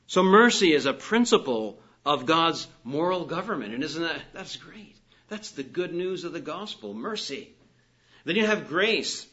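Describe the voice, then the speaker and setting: A man delivers a sermon in an earnest, emphatic way, his voice rising on key phrases and falling quiet at the ends of sentences. His voice is bright and forceful and sits a little high. The recording is dull and lo-fi. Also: animated, normal speed. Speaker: preacher.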